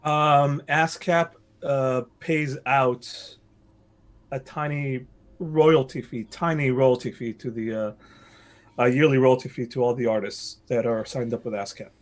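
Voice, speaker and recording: A man's voice: mid-range voice, steady tone, a little slow. A man chatting casually and rambling as game master of a tabletop game, then recapping the story. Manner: rambling, joking.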